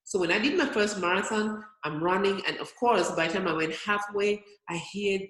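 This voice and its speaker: Speaking at a moderate pace in a medium-pitched, slightly bright voice, this woman is a physician in her early fifties being interviewed about weight loss. She tells stories with energy, voicing her own inner thoughts, in a roomy, echoey space.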